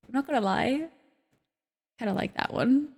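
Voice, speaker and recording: High-voiced playful woman streamer. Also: lively intonation, moderate pace, gravelly, darkish tone, breathy edge. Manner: playful, swears freely, laughs often. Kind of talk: live stream chat with viewers.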